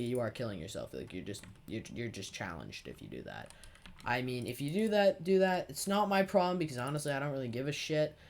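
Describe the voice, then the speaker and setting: A teenage boy hosting a gaming video, telling a rambling, sarcastic story full of swearing while he plays. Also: fairly high pitch. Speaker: gaming channel host. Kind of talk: casual storytelling over gameplay.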